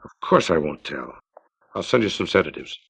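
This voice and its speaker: Firm, kindly country doctor, low and grave, read by a man, gravelly, in a storybook reading. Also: big pitch swings, normal speed, a bit bright, heavily acted. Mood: stern, gentle. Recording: dull lo-fi 1950s LP recording.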